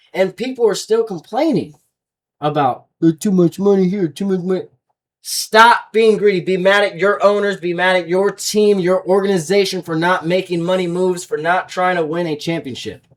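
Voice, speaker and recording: A man's voice: high voice, recorded from a distance. Casting: young male betting-show host, heated rant, sits back from the mic. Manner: heated, fast-swinging rant, loud then muttering. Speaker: sports betting podcast host. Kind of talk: ranting sports betting podcast.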